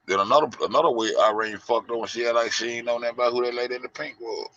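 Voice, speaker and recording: A man's voice: medium pitch, steady tone, racing, fairly bright tone. A man hosting a casual commentary show, rambling and profane, acting out the people he talks about. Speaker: show host. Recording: lo-fi dull audio.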